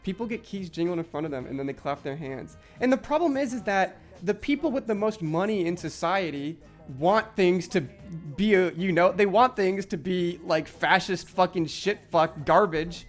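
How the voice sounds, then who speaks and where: A man's voice: high-pitched, lively intonation, normal speed, faint music behind. A young man streaming, ranting in frustration with heavy swearing and lots of filler words. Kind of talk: casual live-stream chat while gaming.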